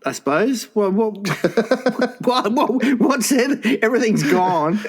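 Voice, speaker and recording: A man's voice: sits high, lively intonation, takes it slowly, husky. A man co-hosting a comedy podcast, crude and teasing, laughing often. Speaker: podcast co-host. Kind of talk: casual comedy chat.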